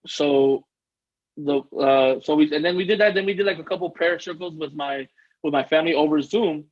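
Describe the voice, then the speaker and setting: A man's voice: fairly high pitch, normal speed, dull audio. A man telling a personal story as a podcast guest, earnest and rambling, often restarting his sentences. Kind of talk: casual interview storytelling.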